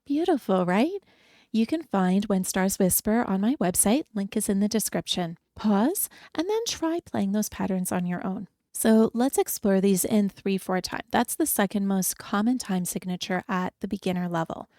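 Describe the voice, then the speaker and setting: A woman piano teacher giving a beginner lesson, encouraging and explaining each step clearly. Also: mid-range voice, lively intonation, moderate pace, dark tone, no room sound, clean studio sound. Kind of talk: friendly beginner music lesson.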